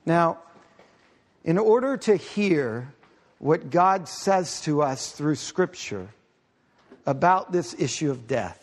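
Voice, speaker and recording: High-voiced male pastor in a reverberant hall. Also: sing-song, slow, pauses often. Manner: storytelling, playful asides to the congregation. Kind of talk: sermon. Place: church sanctuary. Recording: long reverb of a large hall.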